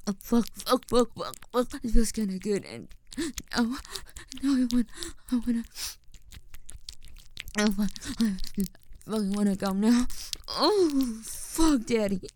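A woman playing a breathy, pleading young woman. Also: on the high side, animated, slow pace, pauses often, a little mellow, slight background noise. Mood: breathless.

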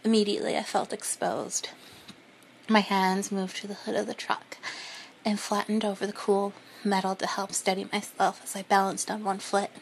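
A woman reading a first-person story in a soft, breathy, unhurried whisper. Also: medium pitch, monotone, a little hiss or hum. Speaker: narrator.

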